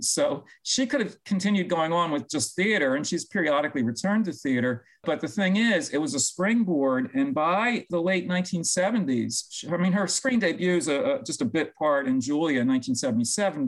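A man with a somewhat high-pitched voice co-hosts a relaxed talk show. He talks in long, winding stretches and often restarts a thought partway through. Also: rough recording. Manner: talkative, long-winded, self-correcting. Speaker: co-host. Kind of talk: casual chat.

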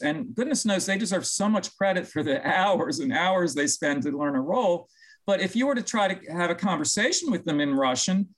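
A man's voice: on the high side, low-quality recording. A man co-hosting a casual talk show, talking in long, winding stretches that often correct themselves. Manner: talkative, long-winded, self-correcting. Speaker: co-host. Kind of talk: casual chat.

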